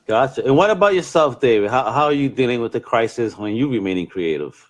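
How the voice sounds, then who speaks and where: A man hosting a casual interview over a video call, excitable and animated, stumbling over his words as he asks questions. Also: mid-range voice, quick pace. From Latin America. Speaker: host.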